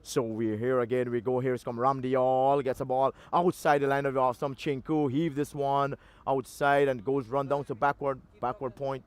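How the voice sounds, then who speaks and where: A man giving live commentary on a local cricket match outdoors, in a loose, relaxed delivery with pauses and fillers. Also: medium pitch, clean tone. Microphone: handheld mic through a loudspeaker.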